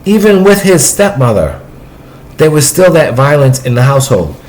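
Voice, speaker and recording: A man speaking in a personal, confessional vlog, in a halting way with restarts and trailing asides. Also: fairly high pitch, sing-song, darkish tone, poor audio. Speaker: vlogger.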